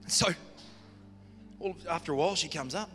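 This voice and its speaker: A man's voice: a little high, normal speed, fairly bright tone. A man preaching a sermon, telling a story in a humorous, conversational way. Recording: long hall reverb with music behind.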